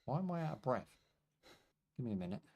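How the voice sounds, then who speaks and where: A man's voice: medium pitch, very animated, fast talker, darkish tone, lo-fi sound. Joking man streaming a game. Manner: joking, chatty, talks to himself and chat. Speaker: livestream gamer. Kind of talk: casual gameplay commentary.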